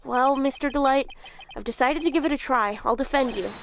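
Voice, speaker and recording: A woman voicing a flustered young male defense lawyer, reading game dialogue aloud in a hesitant, stammering, lowered voice. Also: a little fast. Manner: hesitant, stammering, low put-on voice.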